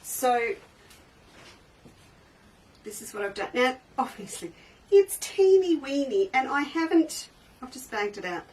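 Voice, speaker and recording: A woman's voice: high-pitched, very animated, a little slow, long pauses, a little mellow. A woman hosting a casual live sale from her sewing shop, chatty and enthusiastic, often trailing off and restarting sentences. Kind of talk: casual live-stream sales chat. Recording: slightly distant mic with faint background noise.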